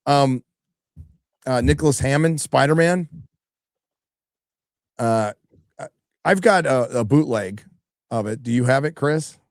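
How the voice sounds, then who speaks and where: A man's voice: mid-range voice, slow, long pauses, no echo, studio quality. A middle-aged man hosting a live stream, chatting casually, swearing freely and reading viewer donation messages aloud. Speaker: livestream host reading donations.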